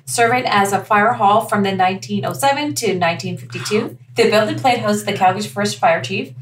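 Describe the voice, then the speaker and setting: A woman's voice: medium pitch, fairly quick. A woman from Canada co-hosting a podcast, giggly and rambling in casual chat. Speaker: podcast co-host. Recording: roomy, distant from the mic, faint hiss.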